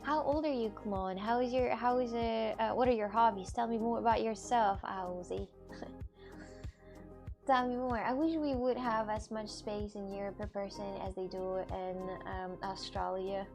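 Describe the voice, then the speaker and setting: A woman's voice: mid-range voice, steady tone, measured pace, vocal fry, darkish tone, faint music behind. A woman in her twenties chatting casually with her viewers on a live stream, rambling from one thought to the next. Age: 20s.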